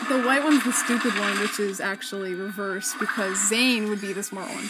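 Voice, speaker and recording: A woman co-hosting a podcast, chatting casually and gushing with giggly excitement while a cartoon plays, without her usual mic. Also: medium pitch, normal speed, heavy background noise. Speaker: podcast co-host. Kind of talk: casual reaction chat while watching a cartoon. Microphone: not their usual mics. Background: cartoon soundtrack playing loudly.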